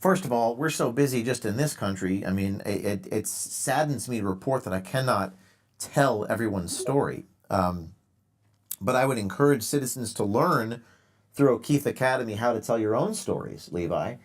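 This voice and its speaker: A man's voice: medium pitch, lively intonation, moderate pace. A man hosting a live call-in show, lecturing callers in a sarcastic, mock-earnest way. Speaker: show host taking calls.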